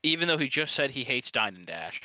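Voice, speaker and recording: A man's voice: mid-range voice, very animated, brisk, pushed and bright, dry recording, dull audio. A young man co-hosting, cutting in to nitpick the story being read. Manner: interjecting, nitpicking. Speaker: co-host commentator. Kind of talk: casual comedic commentary.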